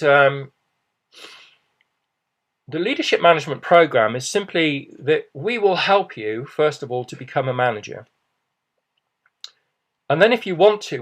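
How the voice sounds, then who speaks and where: Persuasive man presenting a business plan. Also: medium pitch. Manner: persuasive, reassuring, repeats "okay" and "you know".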